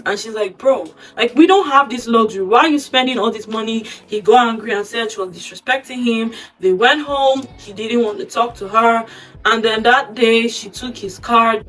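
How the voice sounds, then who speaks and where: A woman casually recapping a drama-filled story, gossipy and animated, acting out the quoted lines, recorded from a bit off the mic with faint music behind. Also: on the high side, far from the mic, low-quality recording. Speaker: storytime host.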